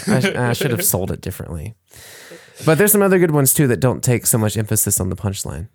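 A man's voice: mid-range voice, sing-song, normal speed, no room sound. Male podcast co-host, casual and rambling, mid-range voice, dry close mic. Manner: rambling, laughs at his own jokes. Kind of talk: casual chat.

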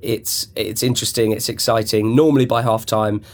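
A man's voice: fairly low pitch, fairly even intonation, moderate pace. A man on a football panel in a studio, talking eagerly and enthusiastically in long runs. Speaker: pundit guest. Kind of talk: casual football chat.

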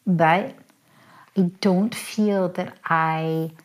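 Woman, middle-aged, low-pitched, chatty, filler-heavy storytelling. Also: fairly even intonation. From United States. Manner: chatty, fast, full of "like" fillers. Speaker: interview guest. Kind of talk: candid personal storytelling.

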